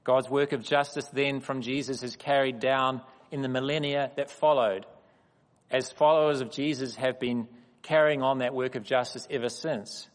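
A man giving a sermon in a measured, emphatic way, pausing deliberately between phrases. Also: medium pitch, fairly even intonation. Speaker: guest speaker at a church. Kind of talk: sermon with personal stories. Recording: long reverb of a hall.

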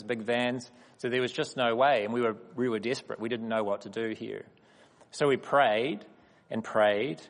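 A man preaches with measured emphasis, letting each phrase land before the next. His voice sits at an ordinary middle pitch. The sound carries a long reverb from a large hall. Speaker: guest speaker at a church. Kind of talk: sermon with personal stories.

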